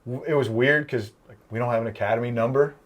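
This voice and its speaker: Young male firefighter from the Midwest, middle-pitched, casual podcast storyteller who laughs easily. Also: fast. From American Midwest. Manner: anecdotal storyteller, laughs often.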